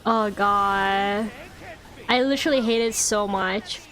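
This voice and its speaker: A woman's voice: mid-range voice, slow pace, a bit bright, faint music behind. A young woman streaming a game, chatting casually and ranting with lots of "like"s. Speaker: VTuber streamer. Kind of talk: casual live-stream chat while gaming.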